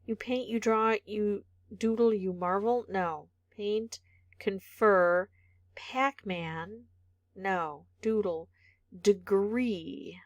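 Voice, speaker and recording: A woman's voice: mid-range voice, extremely slow, dry recording. A woman vlogger thinking aloud as she solves a word puzzle, muttering candidate words, some half-whispered, and second-guessing herself.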